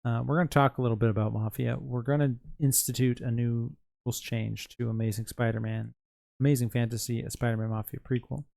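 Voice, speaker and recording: A man's voice: medium pitch, steady tone, fairly quick, vocal fry, darkish tone, no room sound, clean studio sound. A tired man streaming live, rambling casually and answering chat as he runs an online Mafia game. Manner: rambling, responds to chat messages.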